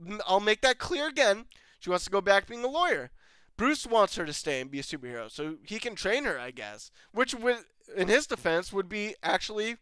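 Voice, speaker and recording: A man's voice: sits high, bright, forceful tone, smooth, no echo. A man giving an angry, profane reaction rant as a show reviewer, laughing in disbelief between outbursts.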